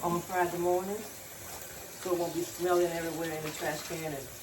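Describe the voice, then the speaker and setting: A woman in her sixties talks softly and low while she cooks in her own kitchen, in an easygoing, chatty way. She is recorded on a phone, with a faint noise behind her voice. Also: flat delivery, moderate pace. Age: 60s. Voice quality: soft, low-spoken. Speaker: cooking vlogger. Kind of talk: casual chat while cooking. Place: home kitchen.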